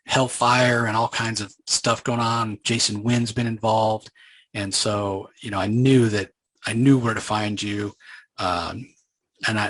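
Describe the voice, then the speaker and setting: A man's voice: fairly low pitch, a bit bright, no echo, rough recording. Casual taunting mercenary, a man reading him out. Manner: casual, offhand threats paraphrased in everyday speech. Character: menacing male mercenary taunting an old enemy.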